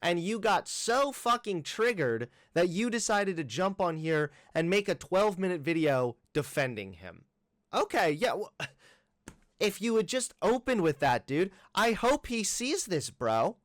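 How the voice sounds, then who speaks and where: A man's voice: sits high, very animated, measured pace, no room sound, clean studio sound. A young man hosting a reaction commentary, mocking and sarcastic, swearing freely. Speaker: commentary host. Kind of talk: reacting to a video.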